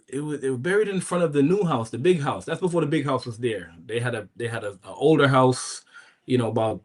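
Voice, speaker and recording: A man in the middle of his range, talking casually as a podcast guest. He tells his story in animated bursts, jumping up in pitch when he quotes others and restarting his sentences often. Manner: animated, acts out quoted voices with pitch jumps, many restarts.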